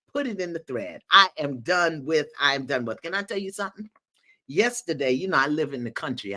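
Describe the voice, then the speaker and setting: A woman hosting a live online community call. She reads viewer comments aloud, laughs often and cheers people on in a folksy, preacherly way. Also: low voice. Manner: animated, laughing, folksy and preacherly, calls out encouragement. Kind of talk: lively live-stream talk, reading viewer comments aloud. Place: her home in the countryside.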